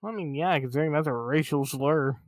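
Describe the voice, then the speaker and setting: A man's voice: fairly high pitch, a little fast, dry recording. A man co-hosting a podcast with a slightly raised voice and a laid-back, terse way of answering. The sound is dry, with no room around it. It is casual chat among friends. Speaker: podcast co-host.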